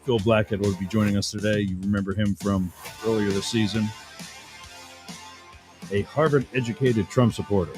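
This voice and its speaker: A man's voice: lowish voice, normal speed, pauses often, darkish tone, faint music behind. A middle-aged man hosting a radio talk show, rambling and chatty, often interrupting himself with fillers.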